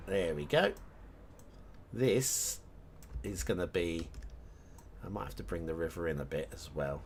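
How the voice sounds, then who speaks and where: A low-pitched, expressive man speaks unhurriedly in a darkish tone, with a little hiss or hum in the audio. Making a map on a live game stream, he chats casually, drifts between topics, and hums and mutters to himself as he works.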